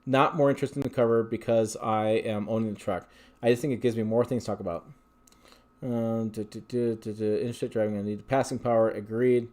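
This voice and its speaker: A man's voice: fairly low pitch, steady tone, brisk, a little mellow. A man hosting a casual livestream, reading viewer questions and answering them in a rambling, chatty way. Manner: rambling, chatty, with frequent fillers and restarts. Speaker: livestream host.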